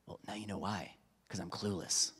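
With a fairly low voice at a moderate pace, this thirtysomething pastor gives his sermon amid crowd noise. His delivery is chatty and self-deprecating, with humorous impressions of the people he quotes, all echoing through a long church-hall reverb.

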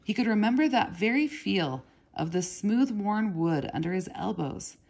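A woman narrating a children's novel aloud in a steady, measured reading. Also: medium pitch, gravelly. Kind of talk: read-aloud storybook narration.

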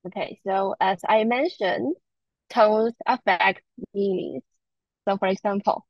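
A woman's voice: mid-range voice, a little slow, gravelly, dry recording, poor audio. A woman from Taiwan, a native Mandarin speaker, teaching Chinese tones in a live online lesson, patiently repeating each example. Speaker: Chinese language instructor.

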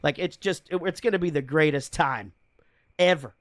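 A man's voice: fairly high pitch, normal speed, no echo. A man hosting a podcast in casual, rambling chat, swearing often and laughing a lot. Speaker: podcast host. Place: studio room with guests.

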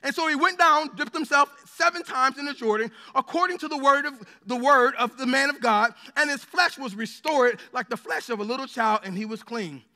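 A man preaching a sermon, impassioned and rising to shouts, with joking asides to the congregation. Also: very high-pitched, moderate pace, few pauses. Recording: long hall reverb.

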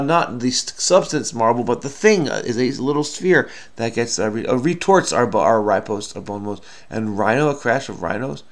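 A middle-aged man solving a crossword aloud in a casual, self-muttering way, with many fillers and trailing off. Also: on the low side. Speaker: crossword solving video host.

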